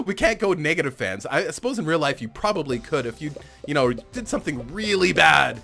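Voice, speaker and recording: Chatty man doing lively gameplay commentary. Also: fairly high pitch, moderate pace, vocal fry, faint music behind. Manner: chatty, rambling, self-amused, laughs often. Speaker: gaming channel host.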